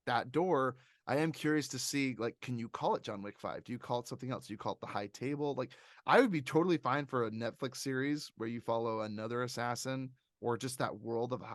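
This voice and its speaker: An animated man hosting a casual movie-review podcast, rambling along and laughing often. His voice is mid-pitched and sits close and dry on the mic, with no room sound. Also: fairly quick, no echo. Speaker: podcast host.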